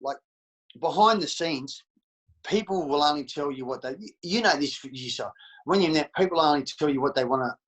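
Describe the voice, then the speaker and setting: Brief: middle-aged Australian man, husky, a bit high, straight-talking and salty. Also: brisk, a bit bright, poor audio. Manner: blunt and profane, calls everyone mate. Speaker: interview guest. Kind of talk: candid casual interview.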